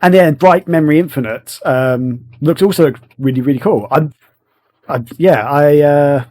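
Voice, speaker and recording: A man's voice: on the high side, normal speed, a little mellow. A man with an English accent, hosting a casual podcast chat, rambling with many fillers. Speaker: podcast host.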